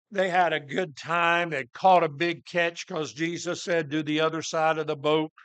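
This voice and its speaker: A man preaching a sermon, retelling a story dramatically and swinging from loud to hushed. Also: on the high side, fairly even intonation, moderate pace, few pauses, clear, resonant tone, no echo.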